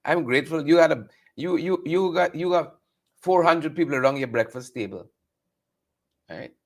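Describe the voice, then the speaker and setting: A man's voice: on the high side, normal speed. A man hosting a live morning show from a studio, chatting, repeating phrases and greeting viewers by name.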